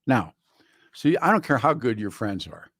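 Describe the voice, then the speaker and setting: A man's voice: mid-range voice, sing-song, normal speed, fairly bright tone, no room sound. A man hosting a talk radio show in a studio, delivering a rambling, wry monologue full of restarts. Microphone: studio microphone.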